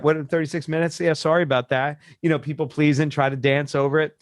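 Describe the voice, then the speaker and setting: A man's voice: a little high, fairly quick, few pauses, no room sound. Guy coach telling stories on a podcast, does the voices of people he quotes, dry sound. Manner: animated storyteller, acts out quoted voices. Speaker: business coach. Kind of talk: casual podcast chat.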